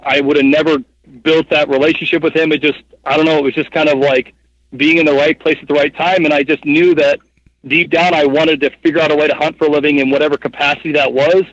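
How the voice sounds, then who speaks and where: A man's voice: fairly high pitch, fast, dry recording. Chatty thirties man, dry muffled sound. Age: 30s. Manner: rambling, filler-heavy, animated retelling. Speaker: guest. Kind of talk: casual storytelling interview. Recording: dull, muffled podcast audio.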